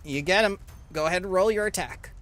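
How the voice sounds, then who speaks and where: A game master running a tabletop session, briskly explaining rules and rolls. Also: medium pitch, a bit bright. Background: faint fantasy background music.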